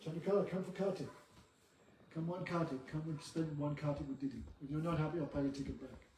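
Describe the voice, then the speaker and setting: Guy giving a devotional class, slightly high voice, mic kinda far, roomy echo, faint music behind. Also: fairly even intonation, warm tone, slight background noise. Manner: rhetorical questions, pauses for "no?". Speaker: spiritual teacher. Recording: echoey room, voice from afar, faint music.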